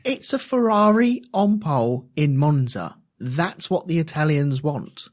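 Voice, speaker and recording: A man co-hosting a podcast, telling stories in an animated way. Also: on the high side, a little slow. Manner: animated storytelling with put-on voices. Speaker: podcast co-host. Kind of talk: casual chat.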